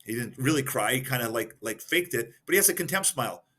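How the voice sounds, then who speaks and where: Bright-voiced man explaining behavior cues. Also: mid-range voice, lively intonation, fast, slightly rough. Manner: explains step by step, numbering points and giving examples. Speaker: guest expert in behavioral analysis. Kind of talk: casual podcast explanation.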